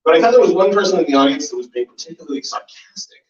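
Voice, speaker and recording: Over a noisy crowd in a small basement comedy club, a comedian in his forties rips through a profane routine, very fast and animated, with a slightly high voice, laughter, and impressions. The live recording sounds roomy, distant, and muffled.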